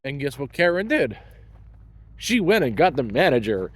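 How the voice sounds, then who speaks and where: A man's voice: a little high, big pitch swings, moderate pace, breathy edge. Blunt man in his thirties telling a story. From Canada. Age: 30s. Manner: blunt, wry storytelling with quoted retorts. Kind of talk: casual storytime vlog.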